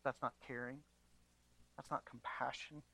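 A pastor preaching a sermon to his congregation, moving from quiet, measured passages to emphatic, raised appeals. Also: mid-range voice, flat delivery, gravelly, husky, poor audio. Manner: earnest preaching, swings between quiet and emphatic.

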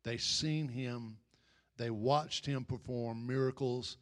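Slow, emphatic preacher man. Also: steady tone. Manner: rises to loud emphatic peaks, then drops low and slow. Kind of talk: sermon.

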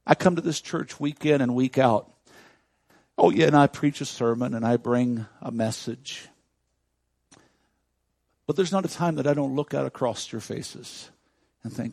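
A man preaching a sermon as a pastor, moving from quiet, close talk to loud, shouted preaching. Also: medium pitch, expressive, unhurried, creaky, long pauses, husky, no room sound. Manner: swings from hushed intimacy to loud shouting preaching. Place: church.

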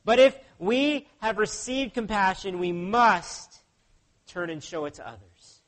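A man's voice: high voice, animated, measured pace. A pastor preaching a sermon in an earnest way, often putting questions to his listeners.

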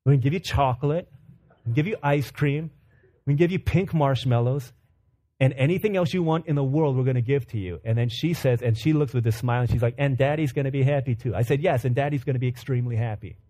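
A man in his thirties preaching a sermon, telling a family story with animated, humorous retellings. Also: medium pitch, fast talker. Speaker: pastor.

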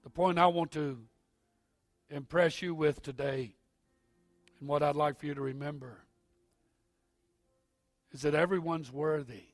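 A man preaches from the pulpit in a fairly high voice, alternating soft, halting asides with loud, climbing exhortation. The recording is dry and close. Faint music plays underneath. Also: steady tone, no echo. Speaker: pastor. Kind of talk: sermon.

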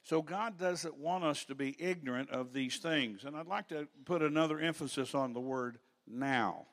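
An older man preaching a sermon in a church, telling stories with rambling asides and rising to loud preaching at times. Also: a little high, moderate pace.

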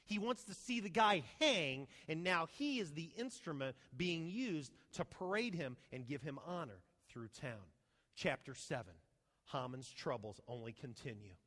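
A man preaching a sermon, retelling a story with lively rhetorical questions to his congregation. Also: on the high side, a little slow. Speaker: pastor. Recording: long hall reverb.

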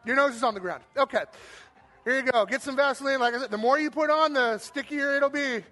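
A man with a strikingly high, bright and forceful voice hosts a game on stage for a church crowd. He talks to the audience with lots of energy, shouting cheers and countdowns and slipping in playful jokes. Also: a little fast. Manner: playful, joking asides. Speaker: church game host and speaker. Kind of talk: live stage talk to an audience.

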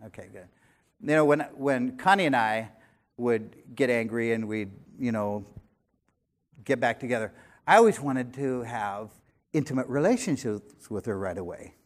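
An older man in his sixties preaching a sermon, animated, swinging between loud emphasis and quiet conversational asides. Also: mid-range voice, moderate pace. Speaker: pastor.

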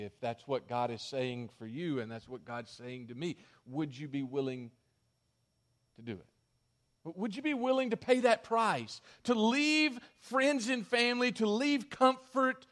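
A male pastor preaching a sermon in an animated, conversational way. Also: medium pitch.

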